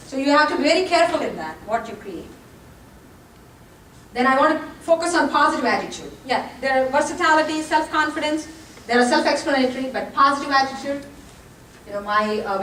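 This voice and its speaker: A woman with a high voice gives a presentation. She addresses the audience directly and throws in jokes. She is picked up from a distance in an echoing room, with faint noise behind her. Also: fairly bright tone. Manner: direct, joking asides to the audience. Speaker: college lecturer giving a workshop talk. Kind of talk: lively presentation talk.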